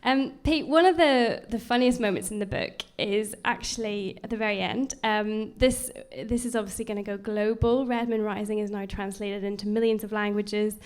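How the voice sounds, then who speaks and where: A woman's voice: mid-range voice, fairly even intonation, moderate pace, hardly any pauses, clear, resonant tone. A woman hosting a live-streamed book launch, chatty and upbeat, with frequent ums. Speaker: event host.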